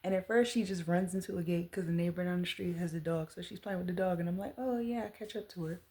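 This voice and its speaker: A woman in her thirties telling a personal story to the camera, earnest and animated as she retells it. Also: on the low side, fast talker. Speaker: vlogger.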